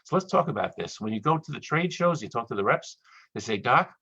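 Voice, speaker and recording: Fast-talking husky man lecturing by webinar. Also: medium pitch, sing-song, fairly bright tone, no room sound. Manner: fast, chatty, joking asides, acts out quoted voices. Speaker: dentist lecturer. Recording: dull, dry lo-fi webinar audio.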